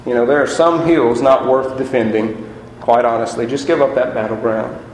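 A man preaching a sermon as pastor, chatty and lively, asking the congregation rhetorical questions. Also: medium pitch, moderate pace, slight background noise. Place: church sanctuary. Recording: echoey hall.

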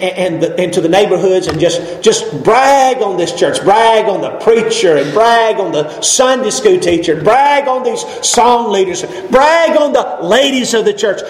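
A pastor in his fifties with a high voice gives a folksy, emphatic sermon, rising in pitch with every exclamation. The sound comes from a roomy church sanctuary, with long reverb and faint room ambience.

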